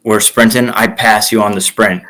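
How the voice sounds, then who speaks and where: A man's voice: lowish voice, moderate pace, rough recording. A young man, a former college wrestler, casually telling stories as a guest and acting out the quotes. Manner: animated, acts out quotes in stories. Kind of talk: casual storytelling.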